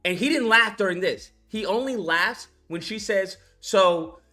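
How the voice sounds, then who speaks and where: High, bright-voiced man ranting about a film. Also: normal speed, soft background music. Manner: animated, profane, laughing, recaps scenes in put-on quotes. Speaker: YouTube film reviewer. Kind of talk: casual film review rant.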